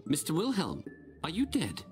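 Casting: a theatrical, pompous game detective, voice swooping wildly, over game music. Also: male voice, fairly high pitch, wildly swooping pitch, moderate pace. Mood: brisk. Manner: grandiloquent, lecturing, sweeping delivery. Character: pompous, theatrical male detective, grandly confident.

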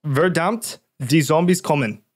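A man's voice: a little high, a little slow. A man co-hosting a podcast, chatting casually and enthusiastically, rambling with restarts. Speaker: podcast co-host. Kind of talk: casual chat.

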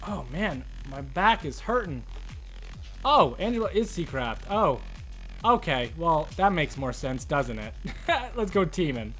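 A young man talks through a live game stream, greeting viewers and teasing them in a playful, chatty way. He speaks slowly, and his pitch swings up and down a lot. Faint game music plays underneath. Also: very animated, a bit bright. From Canada. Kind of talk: casual live-stream gaming commentary.

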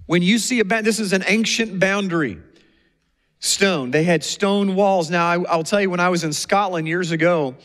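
A pastor with a high, fairly bright voice delivers a sermon at a moderate pace, energetically telling stories and acting out the people he quotes. His voice rings through a large hall with long reverb.

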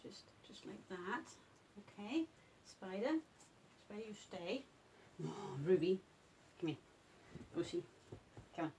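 A woman's voice: mid-range voice, sing-song, takes it slowly, long pauses, mellow, slight background noise. A woman coaxing her cats to pose for a photo shoot at home, repeating names and commands. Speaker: pet photographer. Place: indoor home photo session.

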